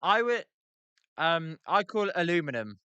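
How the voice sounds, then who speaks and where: A chatty British man with a bright, clear voice on the high side sounds very animated at normal speed. The recording is muffled but has no echo. He's hosting a livestream, casually commenting on a baseball game, reading chat, bantering, and playing with pronunciations.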